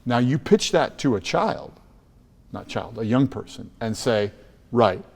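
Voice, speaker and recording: A man from Chicago with an American accent talks as a podcast guest, driving his points home with emphatic stories. His speech is full of restarts and repeated words, at a middle pitch. The recording has a long, lingering reverb. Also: lively intonation, a little slow, gravelly, darkish tone. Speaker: guest, school trust leader. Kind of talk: podcast interview.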